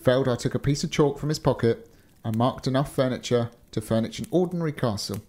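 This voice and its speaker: A man's voice: medium pitch, brisk, a little mellow. Easygoing man reading a story. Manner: easygoing, laughs often. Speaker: storyteller and co-host. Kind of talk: reading a story aloud with banter.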